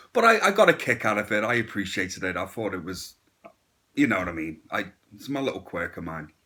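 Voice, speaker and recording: A man's voice: on the low side, very animated, brisk, pushed and bright. A man giving a casual, blunt and crude horror movie review, with sarcastic asides.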